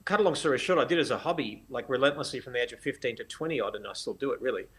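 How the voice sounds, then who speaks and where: A man with an Australian accent, a photographer guest on a podcast, telling stories in an animated way and laughing often. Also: mid-range voice, rapid-fire. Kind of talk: casual interview storytelling.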